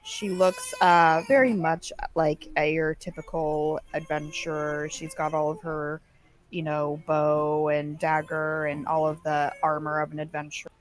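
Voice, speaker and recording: A woman narrating as game master in a relaxed, loose way with frequent fillers. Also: sits low, a little slow.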